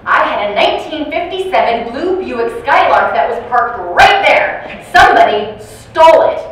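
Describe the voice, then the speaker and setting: Woman putting on an older woman, insistent and indignant, louder than usual, far off in a roomy hall. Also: on the high side, animated, moderate pace, natural voice. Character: older woman resident, insistent about her stolen car. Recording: echoey room from far off, noisy.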